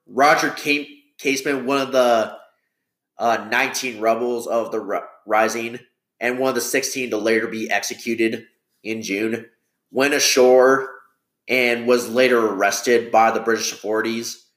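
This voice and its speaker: A man's voice: medium pitch, fairly even intonation, measured pace, a bit bright, roomy sound. A man casually explaining a piece of history in a rambling way, full of fillers and self-corrections. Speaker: history talker.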